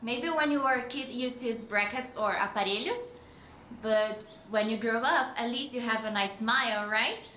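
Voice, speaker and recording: A woman with a Brazilian accent teaching Portuguese phrases in English, with clear, friendly explanations and slowly spoken model phrases. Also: on the high side, pushed and bright. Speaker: language teacher. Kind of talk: language lesson with example phrases. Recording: echoey room with faint noise.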